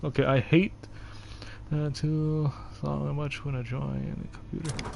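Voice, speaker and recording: A man's voice: fairly high pitch, flat delivery, a little slow, creaky, darkish tone, a little hiss or hum. A young man streaming live, chatting casually in a rambling way with lots of fillers and restarts. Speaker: game streamer.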